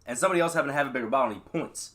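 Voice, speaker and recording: Male podcast co-host, bright tense voice, amused storyteller. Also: medium pitch, rapid-fire. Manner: laughing storyteller, imitates confused customers. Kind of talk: casual chat.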